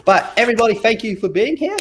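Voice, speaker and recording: A man's voice: very high-pitched, animated, quick pace, slight background noise. A man hosting a livestream show on video call, upbeat and friendly, greeting guests and reading out chat. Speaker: host.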